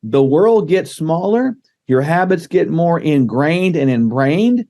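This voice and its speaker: Male guest expert, warm low timbre, emphatic coaching delivery. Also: expressive, takes it slowly. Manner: emphatic, coaching tone with numbered points. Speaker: guest doctor. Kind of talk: casual podcast interview.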